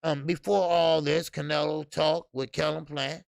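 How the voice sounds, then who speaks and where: Boxing channel host: a man with a heavy gravelly voice and a profane, emphatic delivery, stuttering "uh" fillers, dry recording. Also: a little high, little pitch movement, unhurried, no room sound. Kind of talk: casual boxing commentary rant.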